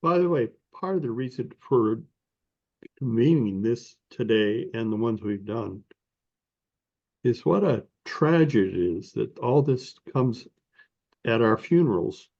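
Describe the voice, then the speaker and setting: Slow gravelly man reflecting. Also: mid-range voice, expressive, darkish tone. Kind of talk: reflective remarks on a video call. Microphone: video call. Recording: muffled video call audio.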